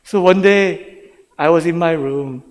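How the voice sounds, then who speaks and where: A middle-aged pastor who grew up in Brooklyn, New York, shares his own testimony in a sermon that switches between English and Korean, laughing now and then. His voice is a little high and his pace measured, with long reverb from the church sanctuary.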